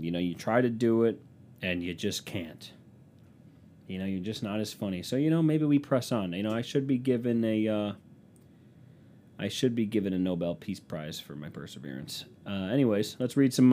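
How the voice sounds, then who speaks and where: A man's voice: fairly low pitch, lively intonation, normal speed, dark tone, slight background noise. A man hosting a podcast, telling rambling, self-mocking stories in a casual, profane monologue into a microphone. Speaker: podcast host.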